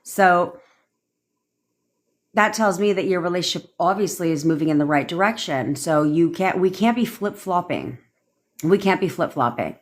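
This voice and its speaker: A woman's voice: fairly low pitch, normal speed. A woman manifestation coach giving blunt, rambling advice on a live stream, swearing freely as she reads and answers viewer comments.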